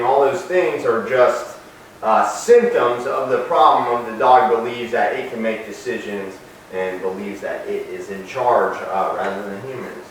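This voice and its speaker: Man, dog trainer, explains training methods, echoey room, distant mic, faint background noise. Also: medium pitch. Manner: calls short commands loudly and sharply, explains in relaxed asides.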